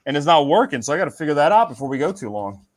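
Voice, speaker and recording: A man's voice: on the high side, very animated, racing. A man in a casual video-call chat, telling stories with stammering restarts. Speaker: industry rep.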